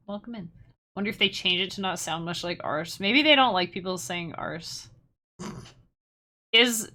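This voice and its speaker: In a laid-back livestream chat, a woman musician and streamer talks to her viewers in a mid-range, sharp voice. She wanders from point to point, restarts sentences, and laughs a lot.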